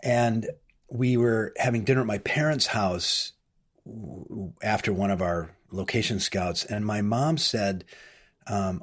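A man's voice: lowish voice, slow. A male film director guest on a podcast, telling long anecdotes in a casual, rambling way with frequent restarts. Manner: rambling, self-interrupting anecdotes. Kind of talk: casual storytelling interview.

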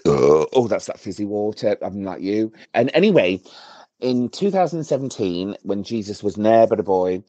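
A man's voice: lowish voice, big pitch swings, normal speed, dark tone, no room sound. A camp man from Bradford, chattily and cheekily showing off in a voice message to a podcast. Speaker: listener leaving a voice note. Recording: dull, dry voice-note recording.

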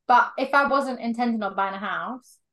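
A young woman with a slightly high voice co-hosts a relaxed podcast, full of giggles and casual slang. She talks loosely and playfully, and now and then she sounds worn out after a long week. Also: normal speed. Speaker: podcast co-host. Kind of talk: casual chat.

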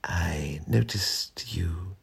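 A man voicing a lazy female house cat in a storybook, slow, low and drowsy. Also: creaky, husky, heavily acted.

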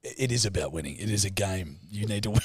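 A man's voice: fairly low pitch, slight background noise. A man co-hosting a podcast, chatting casually, teasing and laughing often. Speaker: podcast co-host. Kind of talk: casual chat.

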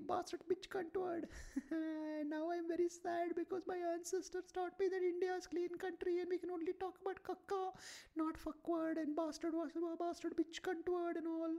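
A man putting on a shrill, prudish, easily scandalized traditionalist who rants in a preachy sing-song. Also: creaky, mellow. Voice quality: high falsetto squeal.

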